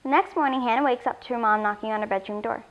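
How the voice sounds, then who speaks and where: A woman reading a children's story aloud in an expressive storytelling voice. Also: on the high side, quick pace, dull audio. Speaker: story reader.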